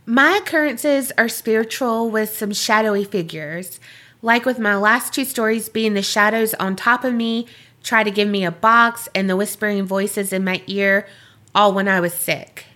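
A woman co-hosting a podcast, bantering with quick laughs and reading a listener's email aloud. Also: mid-range voice. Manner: giggly, animated, quick banter. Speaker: podcast co-host.

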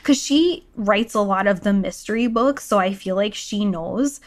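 A woman's voice: mid-range voice, moderate pace. Wry, musing woman co-host. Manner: musing, wry, lots of "like" and "right?". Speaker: podcast co-host. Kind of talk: casual book discussion.

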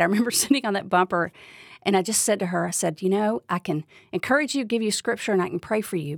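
A woman's voice: medium pitch, gravelly, no room sound, clean studio sound. A woman giving a devotional Bible teaching, speaking earnestly and asking the listener direct questions.

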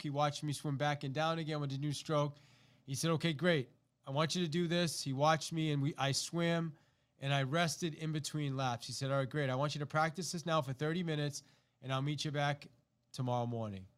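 A middle-aged man, a podcast host, telling a personal story to listeners and acting out the quotes. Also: on the high side. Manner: animated, acts out quotes, repeats himself.

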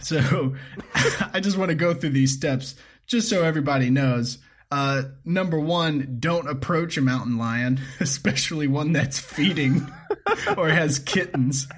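Casual podcast co-host, man, slightly high voice, laughs a lot between lines. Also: a little slow, a bit bright. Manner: laughs often, reads out steps. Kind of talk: casual chat.

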